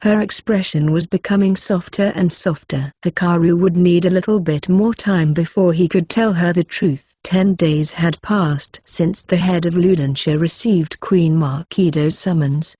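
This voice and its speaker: Woman, audiobook narrator, steady, even, lowish voice. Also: a little slow, few pauses, breathy edge, no echo, studio quality. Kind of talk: scripted narration.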